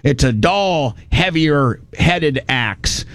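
A man's voice: fairly high pitch, lively intonation, extremely slow, fairly bright tone, dry recording. A middle-aged man from Indiana telling a long casual story, rambling with many restarts and salty words.

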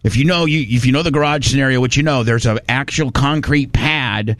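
A man's voice: mid-range voice, brisk, a bit bright, no room sound, clean studio sound. Folksy rambling storyteller man. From Indiana. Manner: rambling, folksy, restarts often. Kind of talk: casual storytelling.

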